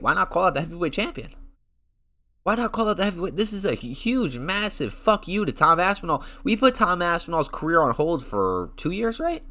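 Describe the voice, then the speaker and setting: Young guy ranting hard about mma, slangy and heated, bright forceful voice. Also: a little high. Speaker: MMA commentary vlogger. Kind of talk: ranting fight commentary.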